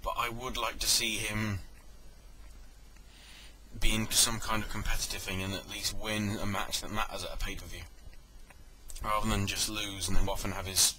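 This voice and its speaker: A man's voice: fairly low pitch, little pitch movement, normal speed, pauses often, noisy background. A man giving a casual spoken review, rambling and correcting himself, with joking asides. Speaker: wrestling event reviewer.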